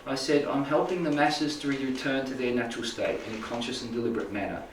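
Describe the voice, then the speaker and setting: Speaking fast in a mid-range voice with fairly even intonation, a man leads a loose, rambling informal talk for a small group indoors, often asking "right?" and "make sense?". He's a spiritual healing teacher. There's slight background noise, and the distant mic captures an echoey room.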